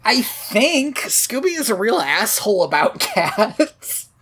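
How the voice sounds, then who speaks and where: Woman, podcast co-host, husky lowish voice, swooping pitch, chatty animated recap. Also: slow pace. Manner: animated, laughing, swearing, quoting lines in funny voices. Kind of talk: casual movie recap chat.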